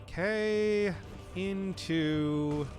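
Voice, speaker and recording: A man's voice: high voice, very slow, a little mellow, soft background music. A man chatting casually to his viewers while playing a game, rambling and chuckling often as he answers chat. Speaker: streamer. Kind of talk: casual live-stream commentary while gaming.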